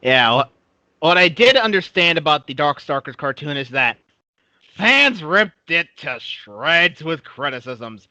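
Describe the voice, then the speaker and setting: A man's voice: on the high side, big pitch swings, measured pace, sharp tone, no room sound. A young man hosting an interview, asking questions in a casual, chatty way. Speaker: interviewer, host. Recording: dull, lo-fi, dry recording.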